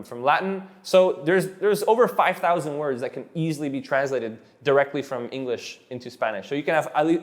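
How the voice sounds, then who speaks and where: A man teaching a live class of students, relaxed and encouraging, who often repeats himself and restarts his sentences. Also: mid-range voice. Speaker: Spanish teacher.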